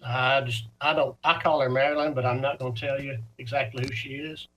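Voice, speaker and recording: A man's voice: mid-range voice, flat delivery, fairly quick, dull audio, slight background noise. A man playing a passenger who is an alcoholic in denial, rambling on. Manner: rambling, insists he has no problem.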